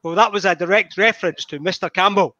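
Scottish male host, high bright voice, dry dull lo-fi call audio, chatty. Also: quick pace, dry recording. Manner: chatty, greets viewers by name. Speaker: host of a whisky tasting. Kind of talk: live online tasting.

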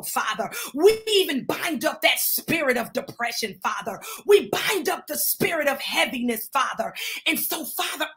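A woman leading prophetic intercessory prayer, fervent, punctuating each phrase with "Father" or "God", swelling into shouts and speaking in tongues. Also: high voice.

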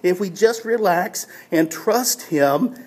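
A man's voice: high-pitched, lively intonation, slow pace, husky. A man giving a short devotional talk, telling a personal story in a casual, self-deprecating way with many restarts before drawing a faith lesson. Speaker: pastor.

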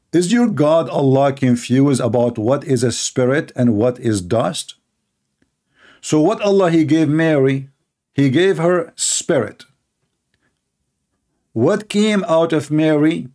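A man delivering polemical commentary at a mid pitch. His tone is sarcastic and mocking, and he keeps driving his points home with emphasis and scornful asides. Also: warm tone. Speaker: religious debater.

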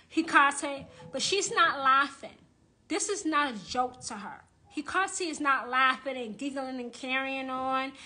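A woman who calls herself a high priestess, ranting angrily and bluntly on a live stream and often repeating herself. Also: pushed and bright. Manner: angry, blunt and repetitive, with cursing. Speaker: self-described high priestess and witch. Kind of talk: live-streamed rant to followers. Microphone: phone or camera on a live social stream.

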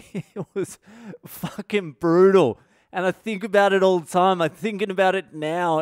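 Brief: male comic, sweary self-mocking storyteller, smooth clear voice, slightly high, dry sound. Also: a little mellow, no room sound. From Australia. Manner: profane, self-deprecating storytelling. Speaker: comedian and podcast host. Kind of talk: comedic storytelling podcast monologue.

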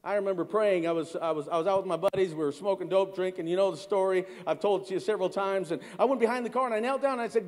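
A man's voice: high voice, fairly even intonation, rapid-fire, hardly any pauses, a little mellow, long reverb tail. A middle-aged man preaching a sermon as pastor, speaking conversationally, repeating words and calling out to the congregation. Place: church sanctuary.

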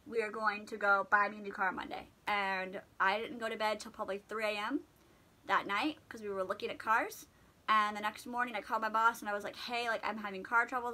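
A young woman vlogger chatting through a casual storytime, animated and full of fillers. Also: mid-range voice, rough recording.

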